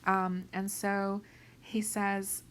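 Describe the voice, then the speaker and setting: A woman teaching a lecture on a play, explaining plainly, checking in with "right?" and "okay?", and softly whispering some quoted lines. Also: mid-range voice, little pitch movement, very slow, slight background noise.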